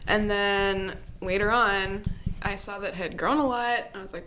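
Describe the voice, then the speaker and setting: A woman's voice: medium pitch, fairly even intonation, a little fast, background noise. A young woman, a guest on a podcast, chatting casually and rambling with lots of "like". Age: young adult. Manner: chatty, rambling, says "like" often. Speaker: podcast guest, animation student. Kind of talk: casual interview chat.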